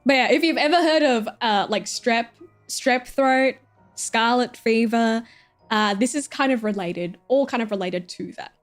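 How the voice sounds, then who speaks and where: A woman's voice: on the high side, measured pace. A woman streaming, chatting casually and jokily with plenty of fillers and giggles, with faint music behind her. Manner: rambling, jokey, lots of fillers and giggles.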